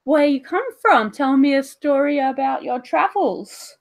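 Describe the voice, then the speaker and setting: A woman voicing a crowd of excited, ragged little kids who fire off breathless questions. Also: high-pitched, a little slow, creaky, pitched above the performer's own voice. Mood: eager.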